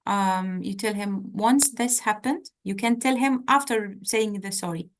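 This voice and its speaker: A woman's voice: medium pitch, measured pace. A woman tutor giving direct, coaching feedback in an online session, often checking in with "okay?", heard over a video call. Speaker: medical exam tutor.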